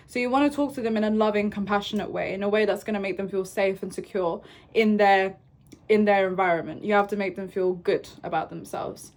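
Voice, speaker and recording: Young woman, vlog advice, gentle coaching, tag questions, mid-pitched voice. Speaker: self-help vlogger. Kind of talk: casual advice talk to camera.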